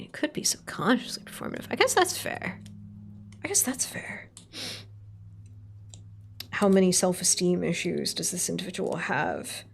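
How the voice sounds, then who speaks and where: A woman's voice: lowish voice, vocal fry, a little hiss or hum. A woman streamer in casual, rambling chat while crafting on stream, swearing now and then and poking fun at herself. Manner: rambling, sweary, self-mocking.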